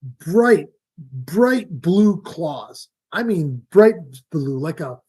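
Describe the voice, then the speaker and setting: A middle-aged fishing show host runs a live stream, chatting casually and telling rambling stories full of fillers and frequent laughs in a relaxed way. His voice is on the high side and breathy-edged, with drawn-out words.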